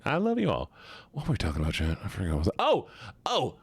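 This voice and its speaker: A man's voice: on the low side, wildly swooping pitch, quick pace, vocal fry, husky, no echo. A man streaming as a VTuber, chatting casually with his viewers in a rambling, joking, self-mocking way.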